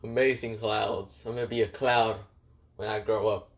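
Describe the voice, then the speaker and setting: A man's voice: lowish voice, level tone, moderate pace, natural voice. A man doing a lazy, drowsy teen ninja. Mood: sleepy. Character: lazy sleepy teenage boy ninja.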